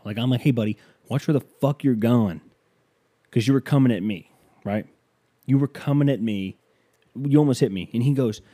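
A man hosting his own podcast, telling a story in a rambling, animated way with swearing and mocking outbursts. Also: fairly low pitch, no room sound. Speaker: podcast host. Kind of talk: casual solo storytelling. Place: home near an airport.

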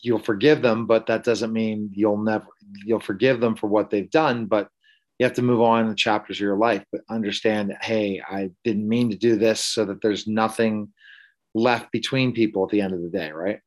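Low-voiced male podcast host. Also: fairly even intonation, normal speed. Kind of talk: podcast conversation.

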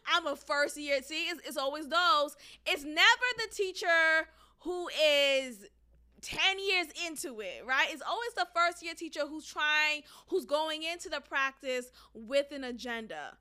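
A woman's voice: sits high, a little slow, sharp tone. A woman hosting a podcast and talking bluntly, profanely and with frequent laughter in casual opinionated commentary. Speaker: podcast host; former teacher.

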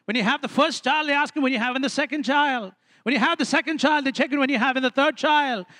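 A man's voice: extremely high pitch, fast talker, pushed and bright, no room sound. A man from India preaching a sermon and calling out for responses from the congregation. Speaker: pastor.

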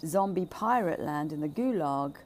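A woman giving an impassioned, emphatic monologue, swearing freely, repeating phrases and swinging between loud bursts and hushed asides. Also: low-pitched, animated, normal speed, a little hiss or hum. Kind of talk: impassioned monologue on childhood trauma.

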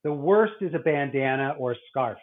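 Rambling doctor on a tinny line. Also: male voice, medium pitch, lively intonation, normal speed. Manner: rambling, many restarts and fillers. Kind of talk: casual podcast chat.

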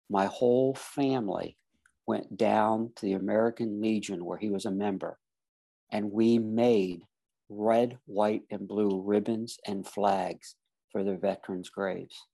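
Gravelly, husky-voiced man telling a story. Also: on the low side, mellow. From Florida. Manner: earnest storyteller, acts out quoted dialogue. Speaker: guest telling a personal story. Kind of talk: casual storytelling.

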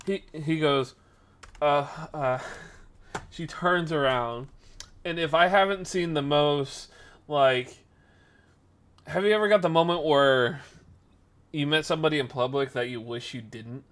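Man, slightly high voice, casual rambling storyteller, animated. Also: unhurried, long pauses.

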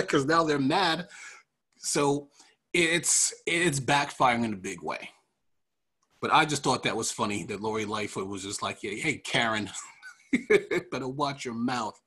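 A husky, slightly breathy man from New York hosting a politics podcast. He jokes his way through the week's news, laughs often and wanders into side stories. His voice sits in an ordinary middle pitch. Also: fairly bright tone. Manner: joking, laughs often, rambling asides. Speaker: podcast host. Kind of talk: casual political commentary.

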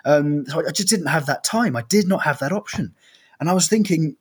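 A man telling a personal travel story in an animated, halting way, full of restarts. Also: on the high side, husky.

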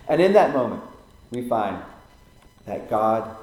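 A male pastor preaching a sermon, swelling loud for emphasis and dropping to near-whispers. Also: mid-range voice, big pitch swings, takes it slowly, long pauses. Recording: very echoey room.

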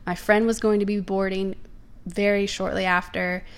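A woman's voice: medium pitch, level tone, moderate pace, clean tone. A young woman, telling personal faith stories in an earnest, emphatic way.

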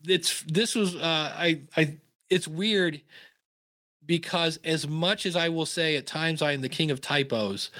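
A middle-aged podcaster, appearing as an interview guest, tells stories in a rambling, self-deprecating manner, often restarting his sentences. His mid-range voice is a bit bright, and the recording is dry.

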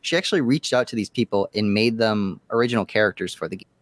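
A man co-hosting a casual podcast, telling stories with animated asides. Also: lowish voice, fast, dry recording. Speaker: podcast co-host. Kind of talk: casual chat.

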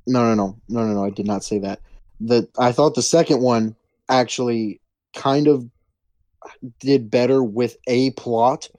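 A man explaining his view in a calm, measured way, pausing on frequent ums. The sound is dry and close, with no room echo. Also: mid-range voice. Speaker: podcast co-host. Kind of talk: casual chat.

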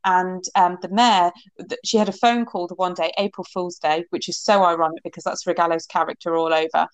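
A middle-aged woman from England, a horsemanship coach, telling her stories in an animated, rambling way as a guest in an interview, laughing often. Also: medium pitch, dry recording. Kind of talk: casual interview storytelling.

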